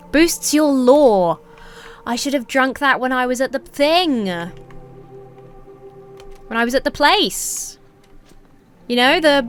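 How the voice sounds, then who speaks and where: A woman's voice: on the high side, a bit bright. A woman giving rambling, chatty let's play commentary, talking to herself as she plays. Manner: rambling, chatty self-talk while playing. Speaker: gaming video creator.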